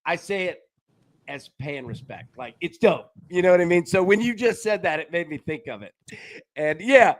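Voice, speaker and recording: A man's voice: high-pitched, normal speed. A man hosting a live sports betting show, rambling and laughing in casual chat. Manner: rambling, animated, laughs often.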